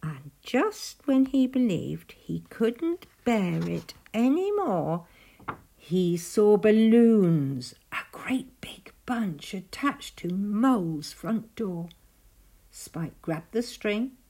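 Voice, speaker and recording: Woman storyteller, picture-book rhymes, very slow, breathy, lively hushed delivery. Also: medium pitch. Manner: gentle, often dropping to a hushed near-whisper. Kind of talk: reading a rhyming picture book aloud.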